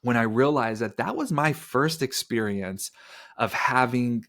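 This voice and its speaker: A man in his thirties, a podcast guest, telling a personal story in an earnest, animated way with casual fillers. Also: mid-range voice, a little slow.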